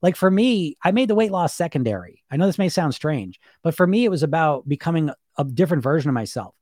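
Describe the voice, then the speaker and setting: Man, rapid talk, slightly high voice, blunt and rambling, podcast host. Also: lively intonation, a little mellow, dry recording, studio quality. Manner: rambling, frank, blunt, with filler words. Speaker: weight loss podcast host. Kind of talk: casual motivational talk.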